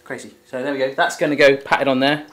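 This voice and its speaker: A man's voice: mid-range voice, flat delivery, fast, a bit bright. A young man hosting a cooking video in a home kitchen, chatty and teasing as he talks through the steps. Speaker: cooking show host. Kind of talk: casual cooking chat.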